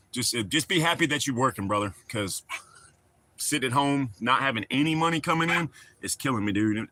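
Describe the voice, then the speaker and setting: A man's voice: mid-range voice, bright, forceful tone, dry recording. A middle-aged man, chatting casually and rambling to his livestream viewers. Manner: rambling, folksy, talks to the chat. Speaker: livestream host.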